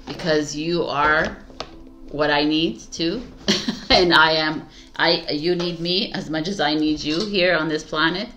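A woman's voice: sits low, fairly bright tone. A woman tarot reader talking casually to her viewers, affectionate, laughing often and repeating herself. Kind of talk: casual spiritual talk to viewers.

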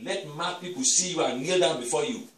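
Preacher man, bright voice, echoey hall. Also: fairly high pitch, fairly quick. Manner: storytelling that swells into shouted declarations. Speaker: apostle preaching. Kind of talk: sermon. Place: church hall. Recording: echoey church hall, distant mic.

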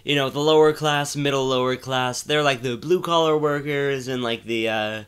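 Male storyteller, mid-range voice, rambling deadpan delivery of a silly tale. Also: mid-range voice, moderate pace, clear, resonant tone. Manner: rambling, many fillers and restarts, deadpan build-ups. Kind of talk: casual comic storytelling.

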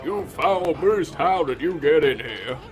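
A man's voice: a little high, lively intonation, measured pace, faint music behind, some chatter behind. A man voicing a pompous, boastful old male warrior with grand, theatrical delivery while reading game dialogue aloud.

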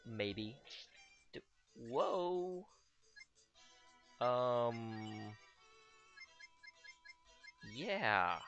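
A man's voice: on the low side, a bit bright. A young man giving casual, joking commentary over his own gameplay, full of sarcastic asides. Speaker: let's play host.

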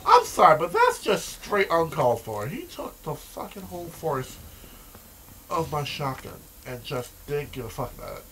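Male let's-play host, sharp, bright voice, profane and excitable, prone to yelling. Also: fairly high pitch, moderate pace, slight background noise. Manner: profane, excitable, shouting outbursts and repetitive rants. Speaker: gaming video host.

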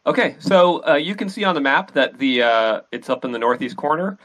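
A man running a tabletop game as game master, explaining rules and scenes in a relaxed, hesitant way with many fillers. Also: fairly high pitch, brisk, low-quality recording.

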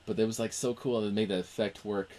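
A man with a fairly low voice talks through movie trivia in a loose, rambling way, often stopping to restart his sentences. It is relaxed podcast chat between friends. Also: quick pace, a little hiss or hum. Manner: rambling, many fillers and restarts. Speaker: podcast co-host. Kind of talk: casual film discussion.

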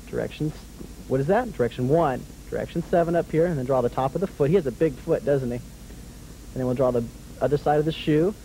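A man's voice: a little high, warm tone, slight background noise, low-quality recording. Cheerful man teaching kids to draw. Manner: patient, encouraging, asks kids questions; chuckles often while drawing. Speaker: children's drawing teacher. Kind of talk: step-by-step drawing lesson for kids.

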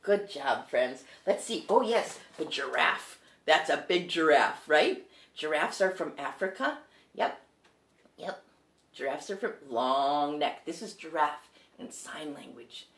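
A woman's voice: low-pitched, animated, slow. A woman hosting a children's music show, singing songs and teaching about animals, encouraging the kids as her friends. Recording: echoey room with loud guitar.

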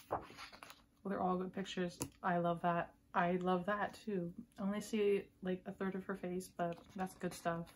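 A woman vlogger unboxing a photobook, gushing and excitable, often dropping into breathy whispers. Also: lowish voice, slight background noise. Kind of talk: casual unboxing commentary.

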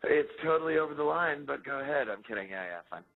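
A man calls into a radio interview and jokes his way through the questions in a loose, rambling way. His voice comes through a thin phone line that cuts off the highs and lows. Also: lively intonation, fast, creaky. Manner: joking, rambling, laid-back. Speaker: musician guest.

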